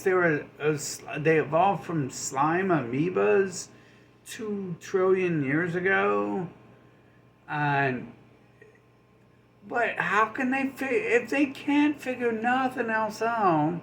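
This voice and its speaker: A man on a rambling, mocking rant, swearing freely. His voice sits a bit high, and a faint hiss of background noise runs under the recording. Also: animated, slow, gravelly, a bit bright. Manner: sarcastic, mocking, puts on voices of others; profane, rambling. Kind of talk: ranting monologue.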